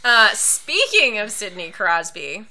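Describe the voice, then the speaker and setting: A woman's voice: medium pitch, sing-song, slow, very noisy. A woman co-hosting a podcast, chatting casually and reading a post aloud in a plain voice. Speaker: podcast co-host. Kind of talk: casual hockey podcast chat.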